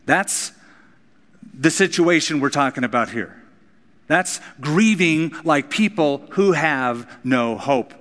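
A man's voice: fairly high pitch, expressive, slow, a bit bright. Earnest male pastor preaching in a hall. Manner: earnest preaching, shifting between casual asides and emphatic peaks. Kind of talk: sermon. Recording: long reverb of a large hall.

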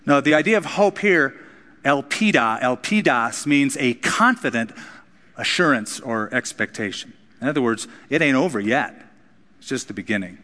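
A man's voice: mid-range voice, bright, forceful tone. Earnest male pastor preaching in a hall. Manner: earnest preaching, shifting between casual asides and emphatic peaks. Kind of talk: sermon. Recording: long reverb of a large hall.

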